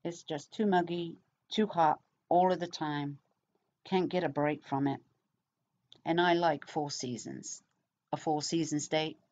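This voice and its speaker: A woman's voice: deep voice, unhurried, a little mellow. A middle-aged woman from England with an English accent, chatting casually to camera in a rambling way with many fillers. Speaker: vlogger. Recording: dull lo-fi sound.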